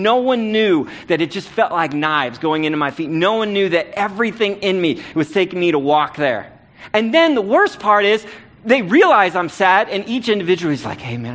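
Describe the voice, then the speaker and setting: A man's voice: a little high, a bit bright. A man preaching a sermon, telling a self-deprecating personal story in a casual, conversational way. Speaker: pastor.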